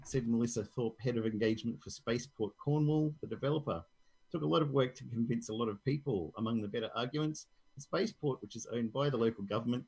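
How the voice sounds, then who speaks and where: An Australian man reads tech news articles aloud on a podcast, then breaks off to joke about them with his co-host. His voice has a gravelly, husky grain with a rough fry at the edges. He speaks at a middle pitch. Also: darkish tone, poor audio.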